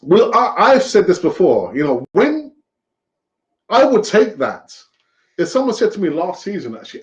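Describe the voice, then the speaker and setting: A man's voice: high voice, huge pitch swings, normal speed. A man hosting a fan live stream, talking in a rambling, chatty way with fillers and laughs, over lo-fi stream audio. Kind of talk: casual live-stream chat.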